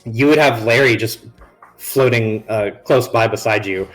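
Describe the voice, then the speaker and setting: A man's voice: on the low side, a little slow, fairly bright tone, soft background music. A man narrating a tabletop game as game master on a live stream, in a loose and rambling way with many restarts.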